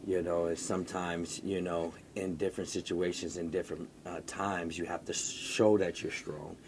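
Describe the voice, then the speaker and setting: A middle-aged man in casual chat, talking haltingly with lots of fillers and repeats. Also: low voice, little pitch movement, background noise.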